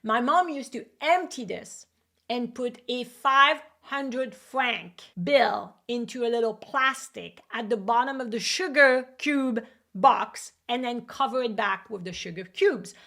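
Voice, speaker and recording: Woman teacher, higher gravelly voice, lively storytelling. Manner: animated, acts out quoted voices. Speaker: acupuncture educator. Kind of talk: personal storytelling in a lesson video.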